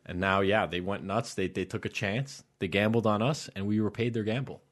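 Low-voiced chatty man co-hosting. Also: steady tone, brisk. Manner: chatty, argumentative, tells stories. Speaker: podcast co-host. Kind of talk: casual chat.

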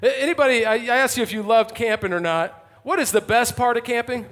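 Man, pastor, high voice, impassioned sermon, fervent to hushed. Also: fairly quick. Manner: impassioned preaching, dropping to hushed intensity. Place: church, before a congregation.

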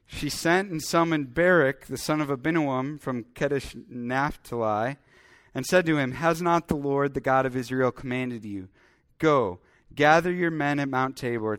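In a medium-pitched voice at a moderate pace, a preacher works through Bible verses, remarking on them as he reads. His telling is animated, with occasional voices acted out.

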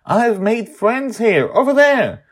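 An older man voicing an excitable young woman with a French flair, speaking high and eager. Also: a little slow, exaggerated voice.

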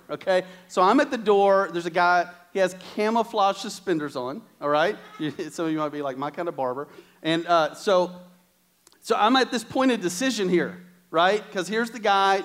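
A man preaching a sermon to a church congregation, telling a funny personal story with quoted asides before he turns to scripture and prayer. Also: high voice.

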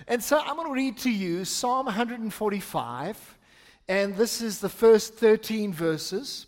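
A man preaching a sermon as pastor, reading scripture slowly and emphatically and calling the congregation to respond. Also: high-pitched, lively intonation, in a large hall. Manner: slow, emphatic reading with pauses for meaning. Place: church with an overflow hall.

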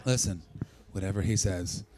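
A young man doing profane, mocking stand-up crowd work, bursting loud at times. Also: low voice, normal speed. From Canada. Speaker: stand-up comedian.

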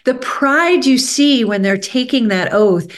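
A woman's voice: sits high, animated, unhurried. A woman hosting a political talk-radio conversation, chatty and agreeable, with filler words. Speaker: radio host.

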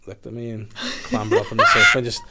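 A man hosting a podcast, chatting casually and teasing his guest with quick jokes. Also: mid-range voice, huge pitch swings. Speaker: podcast host. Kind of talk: casual chat. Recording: loud background noise.

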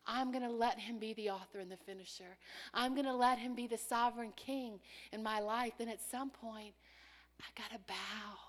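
A woman preaching a sermon, acting out prayers in a child's voice and dropping at times to a whisper. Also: fairly high pitch.

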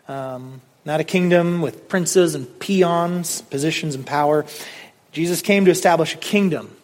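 A man preaching a sermon in a conversational, emphatic way, often saying "like" and speaking straight to his listeners. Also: high-pitched. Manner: addresses listeners directly. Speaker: pastor.

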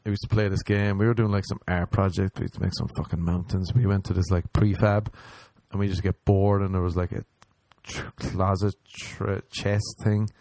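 Low-voiced young man rambling through a story. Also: level tone, moderate pace, a little mellow, no echo. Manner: profane, rambling, acts out quoted voices. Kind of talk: casual anecdote telling.

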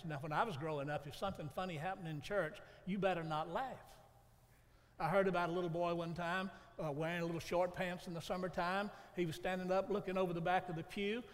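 A preacher speaks in a bright, high voice, spinning homespun stories from the pulpit. His sermon rings through a church sanctuary with a long reverb trailing each phrase. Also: steady tone, fairly quick. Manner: folksy storytelling preacher. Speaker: pastor.

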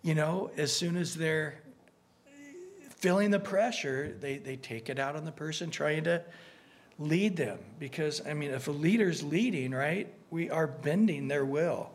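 A man preaching a conversational sermon as pastor, earnest and animated, often restarting his sentences. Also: fairly high pitch, a little slow. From United States.

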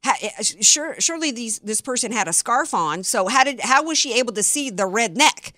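A woman's voice: on the high side, lively intonation, brisk, bright, forceful tone, no room sound, clean studio sound. Sarcastic woman talk radio host. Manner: sarcastic, indignant, mocking. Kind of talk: opinionated political talk radio monologue. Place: radio studio. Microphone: close studio mic.

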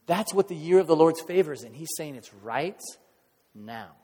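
A middle-aged man preaching a casual, conversational sermon, swinging from hushed asides to loud bursts as he acts out crowd reactions. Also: a little high, lively intonation, moderate pace. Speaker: pastor. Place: church sanctuary. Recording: long hall reverb.

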